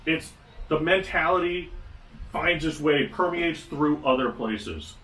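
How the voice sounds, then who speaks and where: Sarcastic man, bright voice, echoey room. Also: fairly high pitch, expressive, takes it slowly, a little hiss or hum. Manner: sarcastic, wry asides. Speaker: podcast host. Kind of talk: casual solo commentary. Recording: echoey room, mic at a distance.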